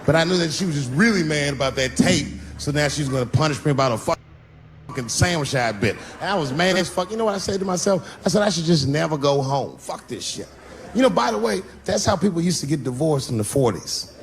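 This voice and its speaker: A middle-aged man doing stand-up comedy storytelling on stage, acting out characters and jumping into high shouts. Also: expressive, fast talker. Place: large venue on stage. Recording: live stand-up with laughing crowd and noise.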